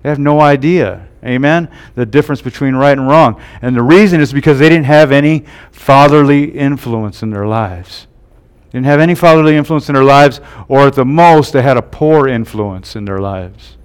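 A man's voice: mid-range voice, normal speed, clear, resonant tone. A male pastor preaching a sermon who keeps tagging his points with "right?" and "amen?". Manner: tags lines with "right?" and "amen?".

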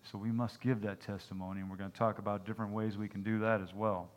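A man's voice: fairly low pitch, level tone, fast talker. A man preaching a sermon, telling folksy jokes and asking his congregation "Amen?" and "okay?". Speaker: pastor.

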